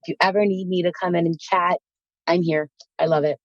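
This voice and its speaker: A woman's voice: fairly low pitch, steady tone, a little fast, no echo, muffled recording. A woman from Queens with a New York accent, a spiritual guest speaking earnestly and encouragingly on a podcast. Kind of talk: podcast interview.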